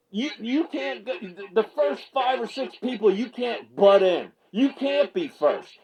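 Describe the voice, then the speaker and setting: Male host, husky, high and animated, excitable rambling reaction rant. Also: dull audio. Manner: fired-up, ranting, repeats himself, stammers when excited. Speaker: MMA media commentator and channel host. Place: small home video set.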